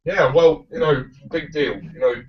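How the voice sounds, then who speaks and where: A man's voice: a little high, unhurried, husky. A man giving his blunt, opinionated take on a film in a casual discussion. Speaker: film reviewer. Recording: dull lo-fi recording.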